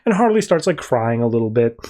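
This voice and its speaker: A man's voice: medium pitch, big pitch swings, brisk, a little mellow. A man hosting a podcast, casually recapping a comic in a loose, rambling way and breezily quoting the characters. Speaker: podcast host.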